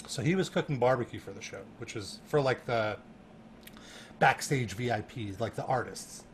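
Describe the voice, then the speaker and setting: A man guesting on a podcast, telling an animated story with laughter and lots of "like" fillers. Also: mid-range voice, moderate pace, a little hiss or hum. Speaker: guest, music journalist.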